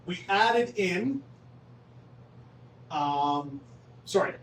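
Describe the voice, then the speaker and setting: A man's voice: high-pitched, lively intonation, extremely slow. A man presenting golf club updates at a town hall meeting, casual and joking with the audience. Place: meeting room. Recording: echoey room, distant mic, faint noise.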